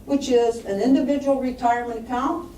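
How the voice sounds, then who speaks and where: A high-voiced woman gives a public talk on money matters to a live audience. She tells stories with lively acted quotes. The recording is roomy, with her voice caught from some distance off the mic. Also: brisk, a little hiss or hum. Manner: animated storytelling with acted quotes. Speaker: estate planning presenter. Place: lecture room. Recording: echoey room mic from a distance.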